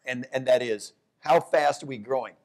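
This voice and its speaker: A man at a medium pitch explaining economics onstage as a guest. He talks in quick animated bursts and often stops himself mid-thought to correct course. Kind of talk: onstage conversation.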